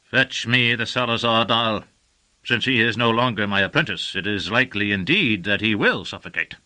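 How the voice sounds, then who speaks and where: A husky, proud sorcerer full of wrath, as a male narrator puts him on, cruel and menacing. His raised voice comes out bright and tense in an audiobook reading. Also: fairly low pitch, normal speed, poor audio. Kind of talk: audiobook character voice.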